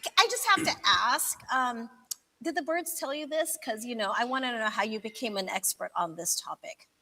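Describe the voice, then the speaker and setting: A woman hosting a live radio game show, upbeat and quick to laugh. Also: fairly high pitch, pushed and bright. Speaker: radio host.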